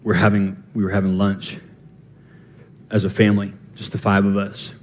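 A pastor in his thirties delivering a lively sermon, telling a family story and acting out quotes. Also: lowish voice, moderate pace, slight background noise. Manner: animated, storytelling with voiced quotes. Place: church sanctuary.

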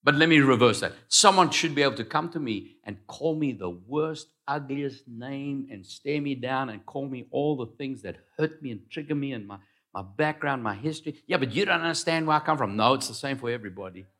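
A man preaching a sermon, swinging between loud declarations and quiet asides. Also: medium pitch, normal speed. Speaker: pastor.

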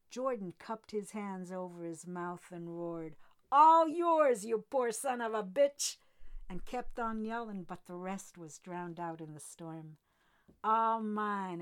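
A woman giving an expressive first-person reading from a novel, with dramatic rises and drops. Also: lowish voice. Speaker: reader. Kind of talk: scripted narration of a novel.

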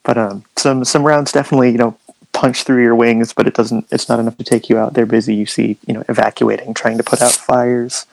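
Gravelly-voiced game master narrating. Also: male voice, medium pitch, low-quality recording. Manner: relaxed, halting with fillers.

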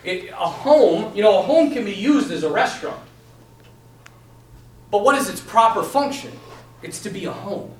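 A young man teaching a class in a lively, animated way, talking to his students as "man" and "you guys.". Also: high-pitched, moderate pace, pauses often, slight background noise. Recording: echoey room, mic from a distance.

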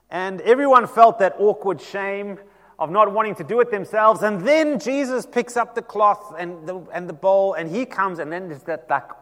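A male pastor preaching a sermon, telling the story with lively acted-out dialogue. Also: high voice, long reverb tail. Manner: animated storytelling, acting out quoted voices.

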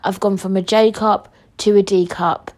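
A young woman tells a story on her podcast. Her voice sits at a middle pitch as she talks in a brash, jokey, rambling rant. She swears freely, with a loud, cheeky, unfiltered delivery. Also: fairly even intonation, moderate pace. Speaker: podcast host. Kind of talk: casual story-time monologue.

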